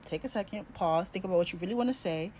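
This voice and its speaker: A woman's voice: mid-range voice, quick pace, slight background noise. A woman telling a story casually and conversationally, acting out the other people in it. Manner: animated, conversational, acts out others.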